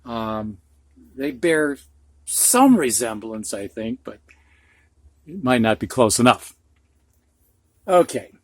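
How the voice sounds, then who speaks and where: Slow patient Midwestern reading teacher man. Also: mid-range voice, very animated, dry recording. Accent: Midwestern US (Ohio, Michigan). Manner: slow, patient, repeats words twice. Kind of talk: recorded phonics lesson.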